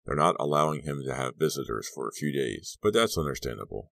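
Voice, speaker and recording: A man doing a calm, measured school principal. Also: extremely low pitch, creaky, no room sound, clean studio sound, exaggerated voice. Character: calm middle-aged male school principal.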